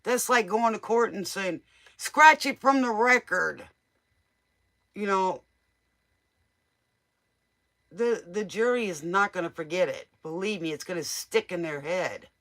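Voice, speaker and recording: A woman's voice: lowish voice, moderate pace, few pauses. A woman giving casual, motherly tarot readings to viewers on a live stream. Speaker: tarot reader.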